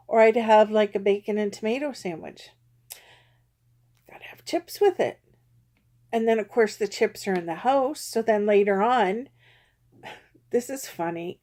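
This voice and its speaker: A woman's voice: mid-range voice, mellow. A woman vlogger talking candidly and self-critically to her camera, rambling with frequent ums. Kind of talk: candid confessional vlog.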